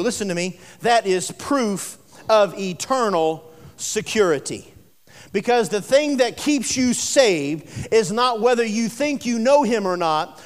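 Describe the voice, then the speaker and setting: A male preacher giving a sermon, swinging from forceful declarations to hushed, drawn-out phrases. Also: very high voice. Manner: dramatic swings between loud preaching and hushed slow phrases. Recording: long hall reverb.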